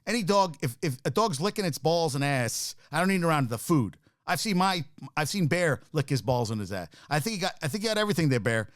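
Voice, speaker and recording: A man's voice: on the high side, big pitch swings, fast, few pauses, dry recording, clean studio sound. A man hosting a sports talk show, ranting casually and profanely, worked up and full of restarts.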